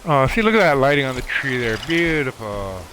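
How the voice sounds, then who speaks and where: A man venting on a live stream, exasperated and swearing freely as he comments on his game. His pitch sits in the middle of the male range. There's a clear hiss of background noise under his voice. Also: big pitch swings, a little fast, a bit bright, low-quality recording. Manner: exasperated, profane, talks over gameplay. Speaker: livestreamer. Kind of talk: ranting livestream monologue.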